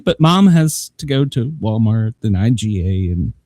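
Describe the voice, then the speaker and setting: A man's voice: lowish voice, very animated, moderate pace, dark tone, no room sound. A man hosting a live show, telling a long rambling story with plenty of laughs and swearing, acting out both sides of each conversation. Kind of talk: casual storytelling.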